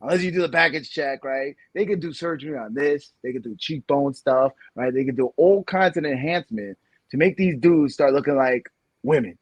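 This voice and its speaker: A man's voice: mid-range voice, moderate pace, dry recording. A man co-hosting a podcast, ranting in a casual debate and laughing often. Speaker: podcast co-host.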